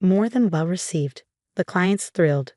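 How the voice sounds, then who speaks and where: A woman voicing a brisk, businesslike female office boss who is hard to read. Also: lowish voice, expressive, dark tone, no echo, studio quality.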